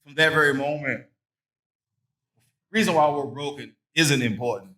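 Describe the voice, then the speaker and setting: A man giving a motivational talk to a conference of men, casual and engaging the crowd with rapid questions. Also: on the high side, pushed and bright. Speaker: guest speaker and author. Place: conference hall with an audience.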